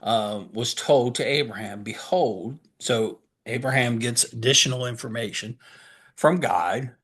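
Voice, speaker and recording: A man's voice: medium pitch, unhurried, a bit bright, slightly rough. A man preaching a sermon, reading scripture aloud and stopping to explain it, posing questions and answering them himself. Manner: earnest, reads scripture aloud and stops to explain it. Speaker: pastor.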